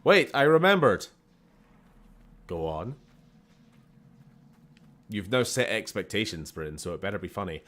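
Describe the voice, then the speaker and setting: A man's voice: low voice, moderate pace, long pauses, a bit bright. A Scottish man chatting casually and playfully while streaming a game, swearing freely and cracking jokes.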